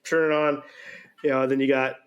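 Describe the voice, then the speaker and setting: A man's voice: medium pitch, little pitch movement, moderate pace, dull audio. A man hosting a podcast, chatting casually and laughing at his own jokes. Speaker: podcast host. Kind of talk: casual chat.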